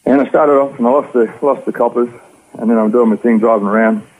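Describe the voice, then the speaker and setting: A man's voice: medium pitch, fairly even intonation, fast, husky. An Australian man telling his life story as an interview guest, in an earnest, rambling way. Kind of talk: personal testimony. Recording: tinny phone-like radio audio.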